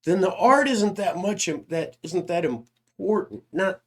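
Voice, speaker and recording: A man hosting a podcast interview, talking in a reflective, halting way with small restarts. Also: high voice, expressive, a bit bright. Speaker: podcast host. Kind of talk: casual interview chat.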